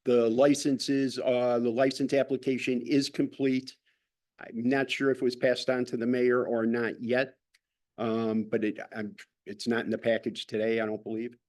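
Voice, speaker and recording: A man's voice: medium pitch, flat delivery, moderate pace, a little mellow. A man serving as chief of staff, presenting formally to a city council with frequent fillers.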